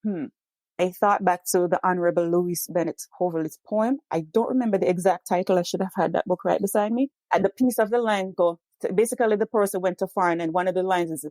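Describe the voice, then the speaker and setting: A middle-aged woman from Jamaica with a Jamaican accent, a guest who speaks in a measured, explanatory way. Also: on the low side, darkish tone, no echo. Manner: measured, explanatory, light laughter in anecdotes. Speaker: education scholar guest. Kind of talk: explanatory interview answers.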